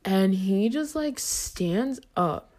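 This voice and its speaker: A woman's voice: medium pitch, lively intonation, extremely slow, a little mellow. A young adult woman hosting a podcast, telling a story in a casual, chatty way with lots of "like" and "um". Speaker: podcast host.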